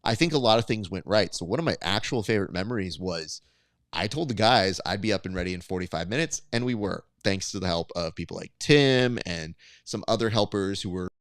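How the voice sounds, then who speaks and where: Smooth-voiced man telling a story. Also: low voice, brisk, dry recording, studio quality. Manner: animated storytelling, acts out quotes. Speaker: podcast co-host. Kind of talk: casual chat.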